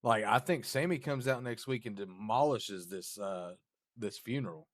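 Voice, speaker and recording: A man co-hosting a casual wrestling chat, giving quick, halting, easygoing replies. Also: on the low side, no room sound, studio quality. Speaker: co-host.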